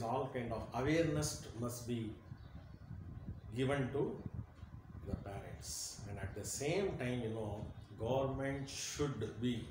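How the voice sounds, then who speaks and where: A man giving an emphatic lecture, repeating key phrases. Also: mid-range voice. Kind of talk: motivational lecture. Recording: very echoey room, faint noise.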